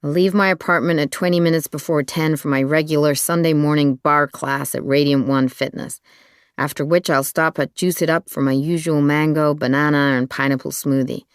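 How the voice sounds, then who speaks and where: An audiobook narrator reading a thriller in an even, measured storytelling manner. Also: medium pitch, clean tone, no room sound, clean studio sound.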